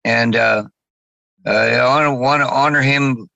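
Bright-voiced man speaking haltingly. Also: medium pitch, fairly even intonation, vocal fry, no echo, dull audio. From Saskatchewan, Canada. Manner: halting, with many restarts and fillers. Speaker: guest. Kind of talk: casual interview talk.

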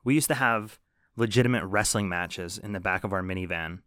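A man's voice: deep voice, brisk, sharp tone, clear, resonant tone, no room sound, clean studio sound. A man co-hosting a casual podcast chat about a movie, swearing often and teasing his co-host. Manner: profane, teasing, jokey.

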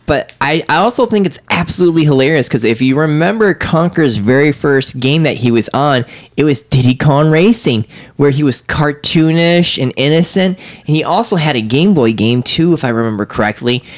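A young man co-hosting a casual chat podcast. He talks in an animated, jokey way, and his voice swings widely up and down. It sits a bit high for a man. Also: normal speed. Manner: animated, jokey, swoops up and down in pitch. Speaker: podcast co-host. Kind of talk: casual chat about video games.

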